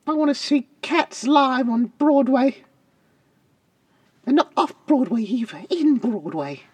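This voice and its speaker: A man putting on a shrill, spoiled young nanny. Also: lively intonation, slow pace, a little mellow, slightly rough, no room sound, full character voice. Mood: prissy. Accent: mock British. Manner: shrill falsetto, petulant whining. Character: snobby young woman nanny, sulky and spoiled. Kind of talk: improvised comedy podcast.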